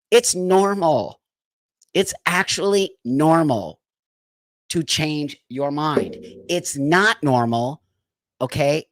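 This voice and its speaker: A man's voice: on the high side, fairly bright tone. Guy ranting on his live stream, gets real heated, talks right at the viewers, dry sound no room echo. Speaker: livestream host. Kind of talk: live-stream political commentary.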